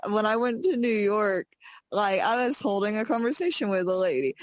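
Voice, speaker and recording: A woman's voice: mid-range voice, expressive, normal speed, no room sound. A woman with a Southern American accent trades easygoing, laughing banter on her podcast. She is recorded close and dry, with no room sound around her. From Southern United States. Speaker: podcast co-host. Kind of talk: casual chat.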